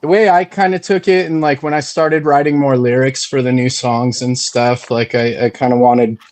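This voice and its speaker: A man who sings in a band, chatting casually in a podcast interview, halting with many fillers and restarts. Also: mid-range voice, fairly even intonation, a little mellow. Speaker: band singer.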